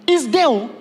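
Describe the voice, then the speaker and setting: High-voiced pastor preaching with humor. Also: male voice, slight background noise. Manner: humorous, animated preaching with laughter. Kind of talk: sermon. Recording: long reverb of a hall, faint ambience.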